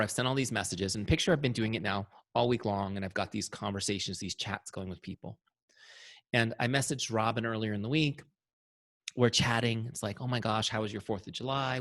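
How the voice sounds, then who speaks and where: A man giving an enthusiastic, chatty software training over a video call, telling stories with quick asides. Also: lowish voice, dry recording.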